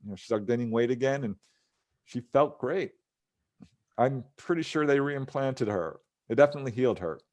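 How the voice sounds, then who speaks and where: A man's voice: mid-range voice, animated, moderate pace, darkish tone. Man telling a story with acted quotes. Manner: recounts cases, acting out quoted voices with chuckles. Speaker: ufologist guest. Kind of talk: casual storytelling in an interview.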